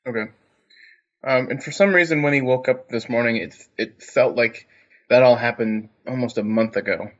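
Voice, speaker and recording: A man playing a tabletop role-playing game describes his character's actions in a hesitant way, with many fillers. His voice has a middle pitch and comes through a dull, lo-fi mic. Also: moderate pace. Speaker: player.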